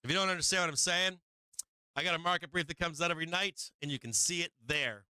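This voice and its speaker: Hyped-up guy on a trading stream, cussing a lot, bright crisp voice, close dry mic. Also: fairly high pitch, fast talker, no echo, poor audio. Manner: profane, excitable, laughs often, repeats himself. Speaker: market livestream host. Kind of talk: live market commentary.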